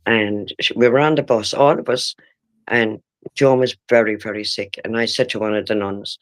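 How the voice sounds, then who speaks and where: A woman in her sixties with an Irish accent, giving halting, emotional personal testimony in an interview and often breaking off and restarting. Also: a bass voice, steady tone. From Ireland. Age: 60s.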